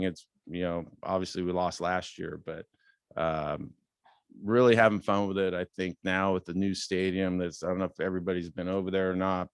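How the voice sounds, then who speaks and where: A man in his fifties giving a casual talk as a guest speaker, relaxed and rambling with many fillers, lifting his voice when quoting others. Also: deep voice, clear, resonant tone, no room sound, studio quality. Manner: acts out quoted dialogue in a raised voice. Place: club meeting room.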